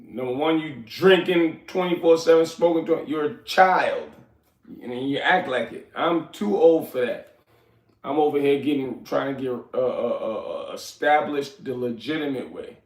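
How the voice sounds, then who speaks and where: A man's voice: mid-range voice, moderate pace, echoey room, far from the mic. A middle-aged man hosting a casual livestream, rambling and streetwise as he talks to his chat. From New York. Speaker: livestream host.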